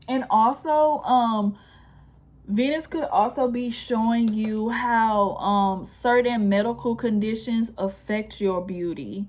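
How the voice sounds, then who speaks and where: A woman's voice: a little high, takes it slowly, a little mellow. A woman giving a casual pick-a-card tarot reading, chatty and encouraging, with lots of restarts. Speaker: tarot reader.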